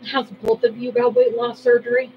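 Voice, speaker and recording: A woman's voice: fairly high pitch, little pitch movement, moderate pace, lo-fi sound, slight background noise. A woman co-hosting a casual cooking vlog, chatting and tossing off dry, teasing wisecracks. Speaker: co-host. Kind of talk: casual chat.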